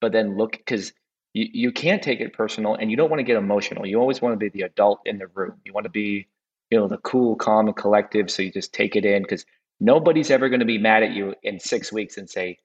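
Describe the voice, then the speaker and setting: A man, a custom home builder, talks as a podcast guest. His voice sits low and comes through a dull, lo-fi line with a long reverb. He speaks reflectively and stumbles over repeated words. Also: fast talker. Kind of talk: casual conversational chat.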